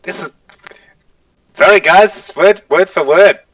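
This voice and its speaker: A man doing a squeaky, nasal lizard king. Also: slow, fairly bright tone, no room sound, distant mic, poor audio. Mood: pompous. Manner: grandiose, rambling proclamation. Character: pompous small lizard king, self-important. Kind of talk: tabletop game character voice.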